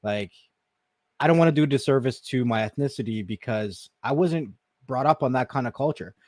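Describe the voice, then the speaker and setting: A man from Canada with an average-pitched voice, talking frankly on a podcast and often sinking low and quiet when he reflects. The sound is dry and close. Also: expressive, brisk, no echo. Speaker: podcast co-host. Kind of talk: casual chat.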